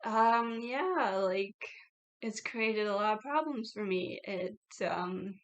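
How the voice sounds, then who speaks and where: A woman speaks slowly and reflectively to her camera in a casual confessional vlog. Her voice sits at an ordinary middle pitch, and she scatters "like" fillers through her talk. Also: highs cut off. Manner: reflective, heavy "like" fillers, laughs between thoughts. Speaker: YouTuber.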